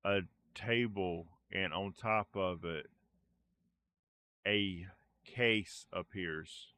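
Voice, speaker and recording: A man's voice: low voice, pushed and bright, no echo. A man narrating a tabletop role-play game as game master, in a loose conversational way with fillers.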